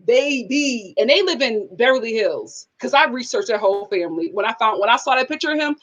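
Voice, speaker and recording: A woman's voice: a little high, a little fast, few pauses. A woman hosting a live review stream, chatting casually, laughing often and reading out viewer comments. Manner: animated, laughs often, reads chat comments aloud. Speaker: live show host.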